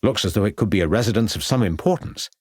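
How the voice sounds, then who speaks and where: A man's voice: fairly low pitch, animated, fast talker, husky, dry recording, studio quality. A man playing a plain-spoken, unassuming police constable.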